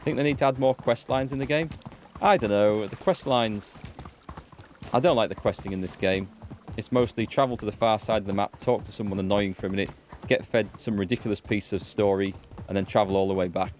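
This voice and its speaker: A man's voice: lowish voice, brisk, darkish tone, slight background noise. A man chatting casually with wry asides while playing a video game as a let's play host. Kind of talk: casual gameplay commentary.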